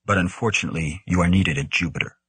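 A man doing a deep, brooding official. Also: quick pace, fairly bright tone, husky, no room sound, exaggerated voice. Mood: grave. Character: stern, brooding male official, grave.

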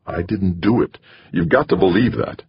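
A man's voice: low-pitched, normal speed, slightly rough, lo-fi sound, pitched above the performer's own voice, full character voice. A man voicing a hurt, defensive man who snaps in anger, in an audiobook. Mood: defensive, bitter. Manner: defensive, snapping.

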